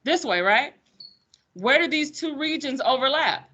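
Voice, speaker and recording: This is a woman teaching math in a classroom, speaking. Her voice is bright and clear as she calls on students. She stays sassy and playful throughout, calling students sugar baby. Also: high-pitched, expressive, unhurried, dull audio.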